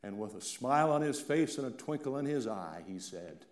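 A male pastor from central Appalachia preaching a sermon, swinging from loud declarations down to hushed, almost whispered lines. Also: mid-range voice, brisk. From central Appalachia, Virginia and eastern Kentucky. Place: church sanctuary. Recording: echoey church room.

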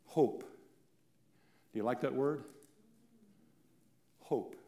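A male pastor from central Appalachia preaching a sermon, swinging from loud declarations down to hushed, almost whispered lines. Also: medium pitch, drawn-out words. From central Appalachia, Virginia and eastern Kentucky. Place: church sanctuary. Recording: echoey church room.

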